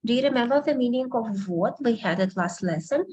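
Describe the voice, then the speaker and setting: A woman from Russia, patiently teaching a beginner language class online and repeating words slowly for her students. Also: fairly high pitch, lively intonation, warm tone, breathy edge, dull audio.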